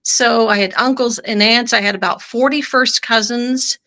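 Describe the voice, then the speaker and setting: A woman's voice: a little high, fairly even intonation, normal speed, bright, forceful tone. A middle-aged woman from Northern Ireland, with no trace of an Irish accent, chatting as a guest and rambling through her stories. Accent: American, no Irish accent. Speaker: guest author. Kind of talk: casual chat.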